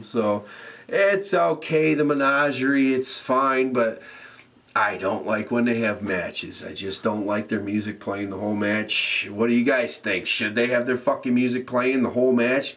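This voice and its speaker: Profane, animated man recapping. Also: medium pitch. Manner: profane, animated, laughs often. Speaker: wrestling show reviewer. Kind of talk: casual recap.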